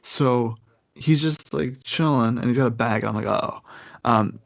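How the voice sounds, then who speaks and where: This young man has a gravelly, fry-edged voice and sits close to a dry, dead-sounding mic. He tells his story in loose casual chat, rambling and circling back with fillers and restarts. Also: mid-range voice, normal speed, dry recording.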